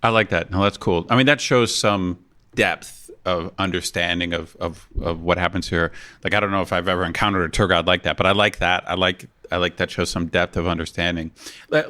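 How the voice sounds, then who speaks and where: Brief: male podcast co-host, low voice, thoughtful and halting, casual. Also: bright, forceful tone. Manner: thoughtful, hesitant, restarts and laughs.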